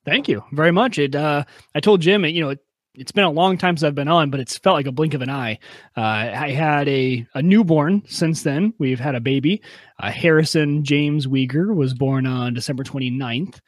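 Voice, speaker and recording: A man's voice: fairly high pitch, moderate pace, dry recording, studio quality. A man, a podcast co-host, chatting in an easygoing, self-deprecating way. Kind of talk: casual chat.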